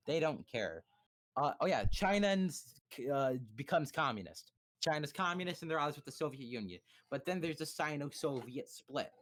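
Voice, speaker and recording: A young man streaming live, rambling through a casual history lesson with swearing, jokes and quick mock voices. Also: mid-range voice, a bit bright.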